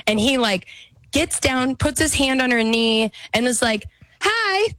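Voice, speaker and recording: A woman co-hosting a show, a mother telling a funny story in a lively, chatty way. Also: fairly high pitch, unhurried. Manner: animated, laughing, acts out voices in stories. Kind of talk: casual storytelling chat.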